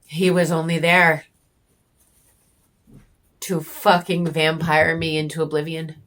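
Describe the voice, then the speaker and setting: A woman's voice: low voice, level tone, a bit bright. Angry, candid woman venting. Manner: candid and heated, swears often, halting pauses; bitter and angry. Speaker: homesteading vlogger. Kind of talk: raw personal reflection to camera.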